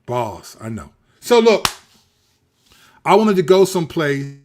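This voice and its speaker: A middle-aged man whose voice is pitched slightly above average hosts his own show, slowly telling a long personal story over a bit of hiss or hum. His delivery is animated, full of street slang and a preacher's rhythm, and he often circles back over his own words.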